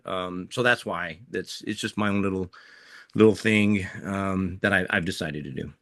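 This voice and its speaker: A man's voice: lowish voice, moderate pace, fairly bright tone, no echo, studio quality. A middle-aged man from southern New Mexico, a veteran guest telling personal stories in an interview, candid and emotional, with frequent restarts. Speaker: guest, Green Beret veteran. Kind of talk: conversational storytelling interview.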